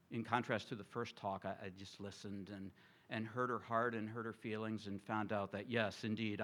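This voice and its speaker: Bright-voiced male pastor preaching. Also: medium pitch. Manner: animated, engages congregation with questions. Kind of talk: sermon. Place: church sanctuary with congregation.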